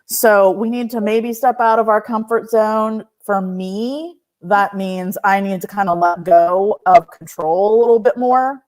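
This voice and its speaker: A woman's voice: medium pitch, steady tone, a little slow, few pauses, a little mellow. A woman hosting a live stream, reading oracle cards and chatting with viewers by name, laughing often. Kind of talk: casual live-stream chat.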